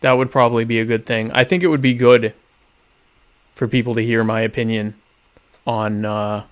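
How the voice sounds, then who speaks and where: A young man hosts a casual live-streamed talk show, reading out viewer questions and answering them with sardonic, mock-pompous humor. His medium-pitched voice moves at a normal speed with fairly even intonation.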